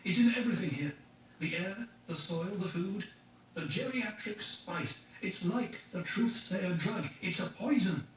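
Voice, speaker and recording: A man's voice: high-pitched, takes it slowly, long pauses, voice pushed up. A man voicing a bitter, intense young man close to hysteria, in a strained, urgent reading of an audiobook. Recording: echoey, distant, dull lo-fi, faint hiss.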